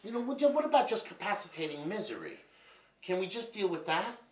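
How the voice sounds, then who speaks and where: A man's voice: high voice, brisk. A man in his fifties telling rambling, profane stories in a candid monologue. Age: 50s. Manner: profane, rambling, animated storytelling. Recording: roomy and distant from mic.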